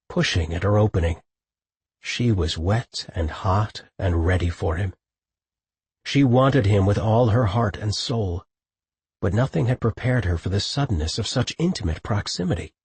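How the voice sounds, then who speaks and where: A man reading scripted audiobook narration with a husky voice, close to a studio mic. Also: fairly low pitch, darkish tone, no echo.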